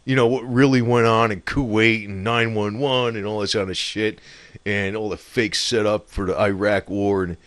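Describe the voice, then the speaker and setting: A man's voice: lowish voice, flat delivery, normal speed, a bit bright, no echo. Man, casual rant, profane, laughing, dry room. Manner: profane, laughing, loose and scornful. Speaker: political commentator. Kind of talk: rambling casual monologue.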